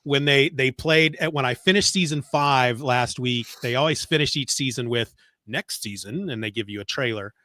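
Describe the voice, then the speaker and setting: A man's voice: mid-range voice, normal speed, no room sound. A middle-aged man in casual podcast chat, rambling and swearing as he tells a story with gusto. He sounds a little stuffed up. His voice is dry and close, with no room around it. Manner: rambling, profane, animated retelling. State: congested. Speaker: podcast co-host. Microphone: remote call mic.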